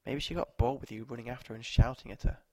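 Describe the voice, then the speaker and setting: A man voicing a brisk, no-nonsense mother of two girls who scolds her daughters. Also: mid-range voice, steady tone, warm tone, no room sound, natural voice.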